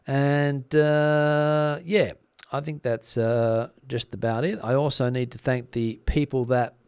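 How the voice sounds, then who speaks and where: A man's voice: mid-range voice, a little mellow, clear, resonant tone, no room sound, clean studio sound. A man hosting a live stream, chatting casually with viewers, with frequent fillers and a slightly worn voice. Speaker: YouTube news channel host.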